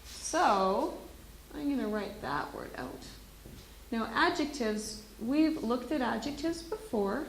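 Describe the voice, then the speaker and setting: Teacher, woman, slow and clear, higher voice, echoey classroom with faint noise. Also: very animated. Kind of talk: classroom English lesson.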